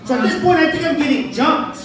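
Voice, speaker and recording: A man doing a stand-up comedy set and hosting the show, telling crude stories in a brash, animated way. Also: very high-pitched, fast, far from the mic. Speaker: stand-up comic and show host. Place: small comedy club stage. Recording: echoey room miked from afar, crowd heard. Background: audience laughter.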